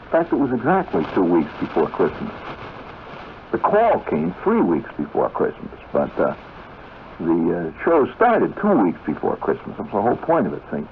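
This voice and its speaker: A low-voiced man spins a rambling story on a 1970s radio broadcast, talking straight to the listener with asides and digressions. The sound is thin and tinny, like a phone line, with a faint hiss underneath. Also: huge pitch swings, moderate pace. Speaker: radio host.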